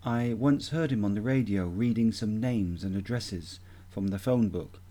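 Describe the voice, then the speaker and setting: A man giving a measured, deliberate instructional talk as a voice coach. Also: lowish voice, warm tone.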